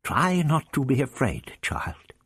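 A man reading aloud and voicing an elderly, calm and wry male traveller who speaks gently and muses. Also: fairly high pitch, takes it slowly, vocal fry, slightly rough, no echo, clean studio sound, pitched above the performer's own voice, exaggerated voice. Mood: gentle. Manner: gentle, musing, fussy.

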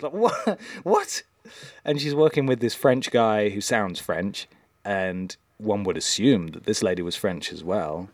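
A man's voice: on the low side, unhurried, no room sound, studio quality. A man co-hosting a podcast in casual chat, rambling and hesitant with lots of um and uh. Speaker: podcast co-host.

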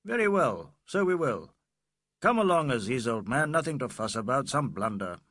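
A man voicing a brisk Englishman who takes charge with firm, brusque reassurance. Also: medium pitch, big pitch swings, fairly bright tone, dry recording, studio quality. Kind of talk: audiobook character voice.

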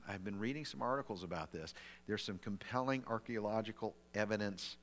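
A middle-aged male pastor preaches in a relaxed, conversational way, breaking into animated asides and restarting his phrases. His voice sits low. A long hall reverb trails behind every word. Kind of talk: sermon. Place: church sanctuary.

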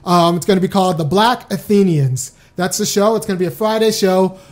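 Live stream host just chatting away to viewers, keeps restarting mid sentence, middle pitch. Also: brisk. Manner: chatty and loose, restarts often, speaks straight to viewers. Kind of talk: casual live-stream talk.

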